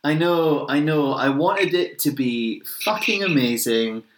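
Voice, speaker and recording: A man's voice: a little high, measured pace, echoey room, slight background noise. A man co-hosting a casual podcast, reviewing comics, opinionated and swearing freely. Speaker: podcast co-host.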